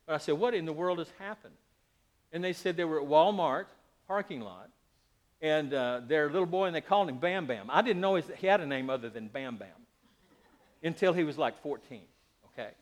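Middle-aged male pastor, high voice, lively sermon delivery with loud and quiet swings. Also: a little fast. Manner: animated preaching, swings between loud and quiet.

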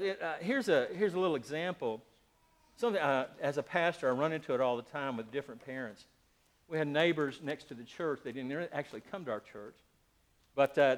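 A middle-aged male pastor preaching a sermon, animated, shifting between loud emphasis and quiet asides. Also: a little high.

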